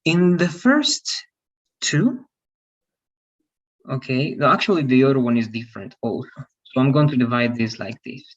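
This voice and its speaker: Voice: medium pitch, lively intonation, moderate pace, pauses often. An English teacher giving an online grammar lesson, explaining step by step and often checking if students follow. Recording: distant, dull online class audio.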